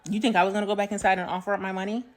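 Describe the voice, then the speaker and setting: A woman telling a story in a casual vlog at home, animated and comic, swearing freely. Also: medium pitch, very fast.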